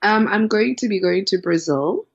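A woman's voice: mid-range voice, normal speed, breathy edge, faint music behind. A woman in casual chat, talking with emphatic enthusiasm and telling travel stories. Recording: dull lo-fi sound.

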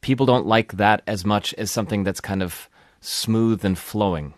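A man's voice: fairly low pitch, moderate pace, no room sound, clean studio sound. A man hosting a podcast, asking playful, curious questions in casual chat. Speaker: podcast host.

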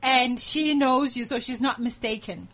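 A woman with a South African accent, a guest on a talk show, telling a story in a lively way and acting out the dialogue. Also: a little high, measured pace. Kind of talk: casual chat, telling a story.

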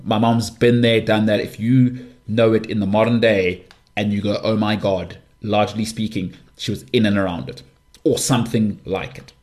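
Forceful low-voiced male podcast host. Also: fairly even intonation, moderate pace. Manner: forceful, repetitive emphasis. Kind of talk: impassioned monologue.

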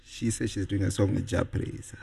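A man's voice: low voice, steady tone, a little fast, vocal fry, darkish tone, husky. A man co-hosting a radio show, asking questions with teasing humor. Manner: teasing, joking. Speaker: radio co-host. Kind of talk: casual banter.

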